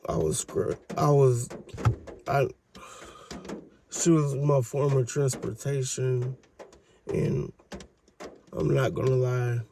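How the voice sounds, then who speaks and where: Slow-talking gravelly man, candid diary vlog. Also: medium pitch, flat delivery, dark tone, slight background noise. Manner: reflective, candid, halting. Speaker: vlogger. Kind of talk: personal video diary.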